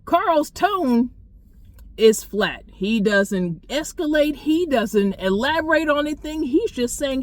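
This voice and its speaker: A woman telling a story in a casual vlog, animated and blunt, swearing freely and talking straight to her viewers. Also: sits high, slow pace. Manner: chatty, talks straight to viewers. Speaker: car owner vlogger.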